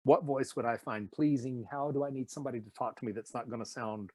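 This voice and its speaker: Animated voice actor with a light Tennessee accent. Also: male voice, mid-range voice, fast talker, no room sound. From Nashville, Tennessee. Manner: animated, slips into impressions. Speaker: voice actor guest. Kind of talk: casual interview storytelling.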